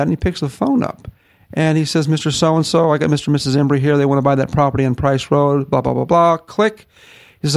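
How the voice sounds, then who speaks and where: A middle-aged man from the northern United States, a ministry founder telling his story in an interview, folksy and animated, acting out the quotes. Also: on the high side, fairly quick, creaky, dry recording.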